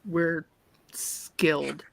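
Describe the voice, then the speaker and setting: Woman slowly narrating a tabletop game. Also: sits low, level tone, creaky, fairly bright tone, no room sound. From Ireland. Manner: unhurried, vivid descriptive narration with laughter. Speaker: game master. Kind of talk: narrating a tabletop game over an online call.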